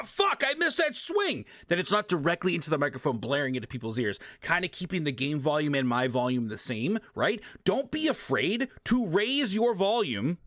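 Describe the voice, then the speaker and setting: Animated, ranting man at a gaming desk. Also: high voice, no echo, clean studio sound. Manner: emphatic, repetitive, swears, animated sound effects. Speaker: streamer giving an audio tutorial. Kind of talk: casual ranting tutorial. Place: home gaming setup. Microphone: desk microphone, often turned away.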